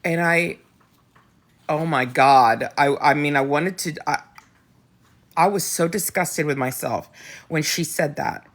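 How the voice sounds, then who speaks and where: A woman's voice: deep voice, takes it slowly, pauses often. A middle-aged woman hosting a casual live chat, talking candidly and bluntly with frequent restarts and the odd swear word. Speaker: host.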